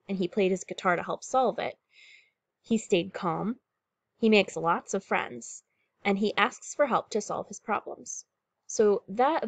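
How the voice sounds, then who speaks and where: A woman's voice: mid-range voice, no echo. A woman teacher reading a picture book aloud to pupils and explaining what the story shows. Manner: warm, clear classroom explaining.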